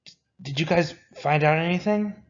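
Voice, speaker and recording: A man's voice: mid-range voice, brisk, lo-fi sound, close to an everyday voice. A man voicing an anxious, jumpy young man who talks in a panicky, pleading way. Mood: nervous.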